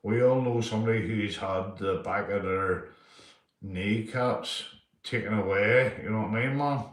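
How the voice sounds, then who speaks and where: Northern Irish man, mid-fifties, livestream host; rambling, repetitive, sweary delivery; low-pitched; roomy, distant mic. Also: a little slow. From Northern Ireland. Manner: rambling, repeats himself, swears, ends lines with mate. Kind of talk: casual live chat reading comments.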